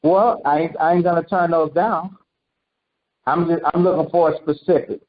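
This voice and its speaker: A man's voice: a little high, steady tone, normal speed. A man preaching a conversational sermon, quizzing his listeners and acting out quotes. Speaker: preacher teaching a congregation. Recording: dull lo-fi recording.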